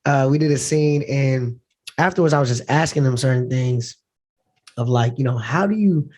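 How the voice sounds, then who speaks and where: A man's voice: medium pitch, moderate pace, darkish tone. A young man, an actor guest on a podcast, telling stories in an easygoing, chatty way. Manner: storytelling, easygoing. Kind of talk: casual chat.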